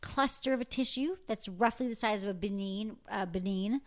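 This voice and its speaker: Frank chatty woman hosting, laughs easy, normal pitch. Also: moderate pace. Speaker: host. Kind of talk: casual chat.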